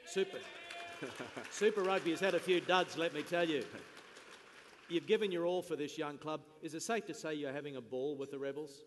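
Upbeat bloke mc on stage, kinda high voice, big echoey hall, faint room murmur. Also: male voice, moderate pace, a little hiss or hum. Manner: upbeat, jokey presenter. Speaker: event MC and interviewer. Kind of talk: on-stage interview at an awards lunch. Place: large function hall at a lunch event.

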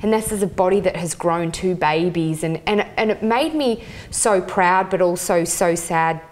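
Lower-voiced woman interviewer. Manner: effusive, halting with fillers. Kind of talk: casual interview.

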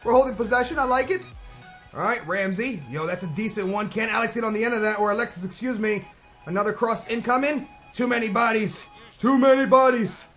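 High-voiced excitable man over faint game music. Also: a little fast. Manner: excitable, shouts at the game, slangy. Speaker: gaming commentator. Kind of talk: game commentary.

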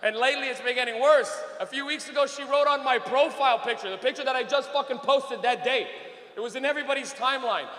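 A loud, profane male comedian does a fast-paced stand-up routine on a club stage into a handheld mic. His voice is high and bright for a man, ringing with long hall reverb.

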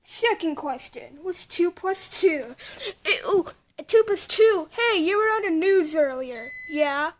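A woman's voice: very high-pitched, expressive, takes it slowly. A young woman doing playful childlike voices in a homemade play, shifting between several characters.

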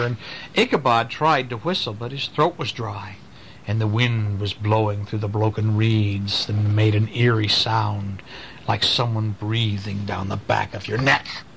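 A man reading a bedtime story aloud to a child, animated and stopping to ask questions about the pictures. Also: medium pitch, gravelly, a little hiss or hum.

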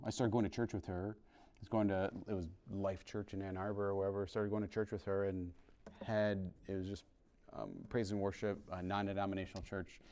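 A male priest telling his conversion story to a parish class in an earnest, halting way, with many restarts. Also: on the low side, a little mellow. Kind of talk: informal testimony to a parish class. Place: parish hall.

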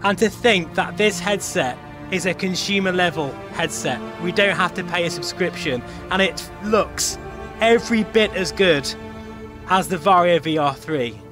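A man, a flight sim vlogger gushing with excitement as he reviews a VR headset. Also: sits high, measured pace, music in the background. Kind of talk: enthusiastic product review vlog.

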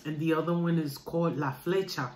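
Chatty middle-aged woman vlogger, low voice, unhurried, recorded in an echoey room. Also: fairly even intonation, darkish tone. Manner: chatty, calls viewers "guys". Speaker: mukbang vlogger. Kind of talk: casual chat to viewers while eating. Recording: roomy room with faint noise.

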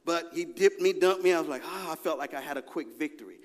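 Man, 30s, pastor, lively conversational sermon, call-and-response, fairly high voice, long echoing church hall. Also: quick pace. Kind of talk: sermon with personal story. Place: large church sanctuary.

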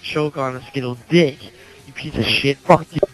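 A man's voice: medium pitch, fairly even intonation, moderate pace, soft background music, low-quality recording. A man leaving a sneering, insulting voice message over a game headset. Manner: sneering insults, bursts of shouting.

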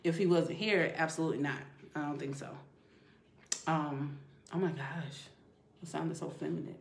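A woman hosts a relaxed live-stream conversation, her voice sitting on the low side. She laughs easily and talks through the viewers' comments. The sound carries a noticeable room echo. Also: moderate pace, creaky, a little hiss or hum. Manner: relaxed, laughs often, reads comments aloud. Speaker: host. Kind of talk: casual chat on a live stream. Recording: echoey room.

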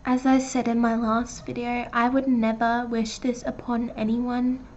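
A woman tells an emotional story time vlog in a high voice. She sounds earnest and hesitant, and the audio comes through dull and lo-fi, as if taken from a clip. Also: level tone, measured pace, a little mellow, a little hiss or hum.

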